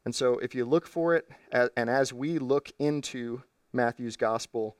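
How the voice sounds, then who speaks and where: A male pastor delivers an earnest teaching sermon from the stage. His voice sits at an everyday middle pitch. It is picked up from a little way off the mic, with a dry sound. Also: steady tone, moderate pace, few pauses, smooth, dry recording, distant mic. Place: church stage.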